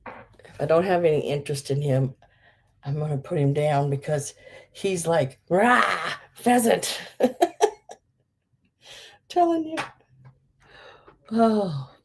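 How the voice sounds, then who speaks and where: A woman's voice: deep voice, animated, slow pace, pauses often, mellow. A middle-aged woman hosting a live vintage sale, chatting casually with many fillers and laughing at herself. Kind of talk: casual live-stream selling.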